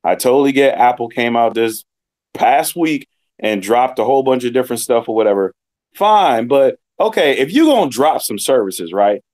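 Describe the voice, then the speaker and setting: A young man co-hosts a tech chat, his voice sitting at an ordinary middle pitch. He gripes in a laid-back, offhand way, swearing freely and mimicking people for effect. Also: big pitch swings, moderate pace, darkish tone. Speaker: co-host. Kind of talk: casual ranting chat.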